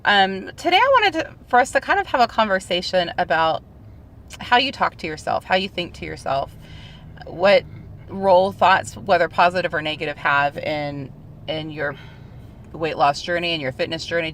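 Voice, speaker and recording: Woman podcast co-host, gravelly voice, candid self-deprecating chat, faint background hiss. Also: lowish voice, lively intonation, normal speed, fairly bright tone.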